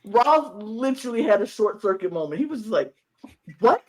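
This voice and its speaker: Animated woman retelling with lively pitch. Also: normal speed. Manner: animated storyteller acting out quotes in put-on voices. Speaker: podcast co-host. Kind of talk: casual recap chat.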